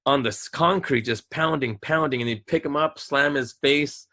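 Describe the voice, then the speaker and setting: A man telling a long story in casual talk on a podcast, rambling and animated, acting out other people's lines. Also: medium pitch, normal speed. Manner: rambling, animated, acts out voices in quotes. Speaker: podcast host.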